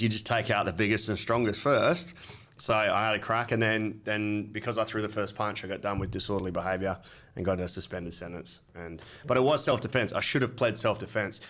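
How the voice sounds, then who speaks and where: A man's voice: lowish voice, a bit bright. A man with an Australian accent co-hosting a podcast, crude and laughing often while telling stories. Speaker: podcast co-host. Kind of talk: casual chat.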